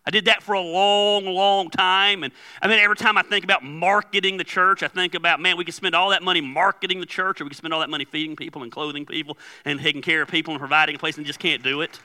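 Man, pastor, high voice, very bright, chatty storytelling sermon. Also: steady tone, quick pace, hardly any pauses. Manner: conversational storytelling with laughs and quoted dialogue.

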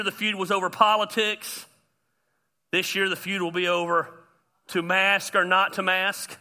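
A man, a pastor preaching an animated sermon with self-deprecating humor. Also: sits high. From US South.

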